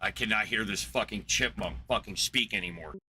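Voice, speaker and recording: Guy ranting and cursing nonstop, super bright sharp voice, fed up. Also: on the low side, fairly quick, slight background noise, low-quality recording. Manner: exasperated, swearing heavily. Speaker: podcast host reacting to a debate. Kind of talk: profane angry rant.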